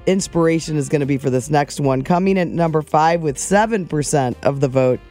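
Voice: medium pitch, brisk, warm tone, soft background music. A co-host on a morning radio show running a comedy segment and laughing a lot. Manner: giggly, leads the bit.

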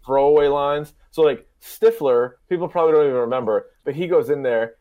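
A young man, a podcast host, chatting casually and excitedly retelling comedy movie scenes, acting out lines and laughing often. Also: on the high side, a little fast, narrow, tinny audio. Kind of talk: casual chat.

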